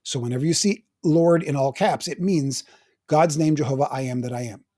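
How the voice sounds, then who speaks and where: An older man teaches the Bible like a pastor at ease with his class. His voice sits a little high, and he talks in a chatty, self-deprecating way, often restarting his sentences. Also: brisk, mellow.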